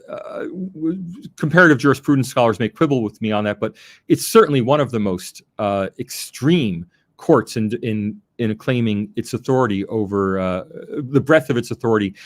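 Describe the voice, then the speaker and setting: A man, an academic guest, giving a measured, emphatic interview answer with some restarts. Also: medium pitch.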